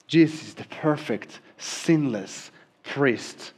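A man's voice: a little high, steady tone, unhurried, darkish tone. A middle-aged man from Israel, a native Hebrew speaker with an Israeli accent, preaching a sermon in an earnest way with frequent ums and restarts. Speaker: pastor.

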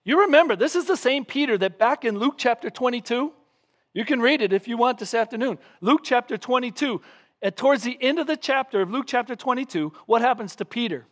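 A man's voice: very high-pitched, brisk. A man preaching a sermon from the pulpit in a church, telling a Bible story with lots of drama and acting out the voices of the people in it. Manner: animated preaching, acting out scenes with raised voice. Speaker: pastor.

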